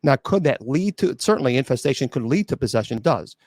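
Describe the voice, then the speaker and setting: A man's voice: mid-range voice, lively intonation, fairly quick, darkish tone, dry recording, studio quality. Blunt, sarcastic celibate clergyman. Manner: blunt, sarcastic, many restarts. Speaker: clergyman answering viewer questions. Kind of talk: livestream Q&A.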